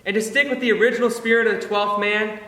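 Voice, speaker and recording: A young man, a yell leader, speaking upbeat and directly to new students to explain the rules. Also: high voice, steady tone, fast talker. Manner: upbeat, direct speech to a crowd. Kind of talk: energetic instructional address. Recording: echoey hall, voice from far off.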